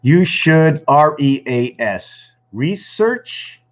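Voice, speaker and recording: A man's voice: on the high side, sing-song, extremely slow, lo-fi sound. A man talking in a meandering monologue, full of ums and restarts. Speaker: channel host. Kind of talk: rambling monologue.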